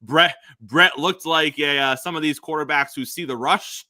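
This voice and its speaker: A man's voice: a little high, moderate pace, sharp tone, no room sound. A man co-hosting a sports podcast, chatting casually with many fillers and frequent laughs.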